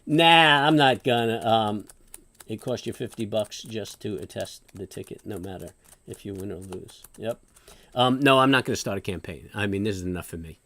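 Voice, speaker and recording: A man, ranting profanely in casual chat as a trading stream host, jumping from loud outbursts to low muttering. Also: moderate pace. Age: late 40s.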